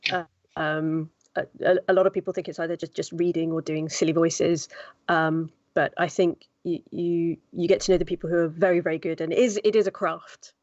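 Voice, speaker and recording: A woman's voice: on the low side, level tone, fairly quick, a little mellow, no echo, dull audio. A woman voice actor chatting casually on a podcast, with many fillers. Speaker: guest voice actor.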